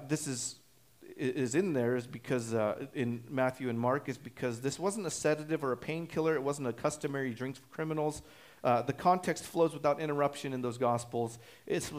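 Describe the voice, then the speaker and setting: In a mid-range voice, a pastor works through an expository sermon, teaching calmly and explanatorily. He often hesitates with "uh" and starts sentences over.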